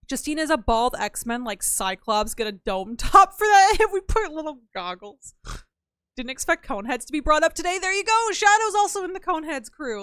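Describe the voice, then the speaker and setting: A young woman streamer chatting casually with her stream chat while gaming, animated, laughing often, and reading messages aloud between loud outbursts and quiet mumbles. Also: on the high side, no echo.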